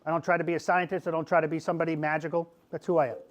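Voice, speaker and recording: Rattling along rapid-fire at a fairly high pitch, a middle-aged podcast host from Pennsylvania delivers an animated classroom talk over dull audio. He's goofy and keeps asking "okay?" to check in.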